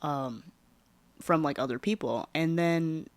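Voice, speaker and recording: A woman's voice: slow pace, no echo. Chatty woman podcaster, dry sound. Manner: rambling, filler-heavy, with lively pitch swings. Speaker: podcast host. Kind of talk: casual storytelling podcast.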